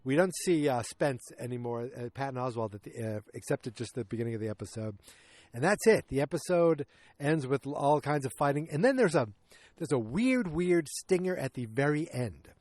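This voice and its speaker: A man's voice: mid-range voice, lively intonation, moderate pace, darkish tone, dry recording. A man hosting a podcast, casually recapping an episode with rambling asides and quoting characters in raised voices. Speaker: podcast host.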